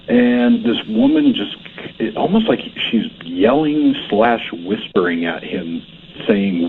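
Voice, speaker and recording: A man dials in as a paranormal investigator and explains his recordings in a measured, conversational way. His voice sits a little low. It comes through a tinny phone line with a faint hiss. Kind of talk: casual on-air conversation.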